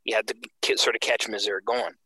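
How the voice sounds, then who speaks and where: Bright-voiced man telling a story. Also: fairly low pitch, fast talker, breathy edge, no echo, poor audio. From Canada. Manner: animated, acts out quoted voices. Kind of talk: casual storytelling.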